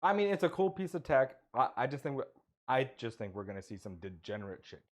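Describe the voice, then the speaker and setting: A man's voice: mid-range voice, big pitch swings, fast. A man co-hosting a podcast in casual chat, joking and tripping over his words. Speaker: podcast co-host.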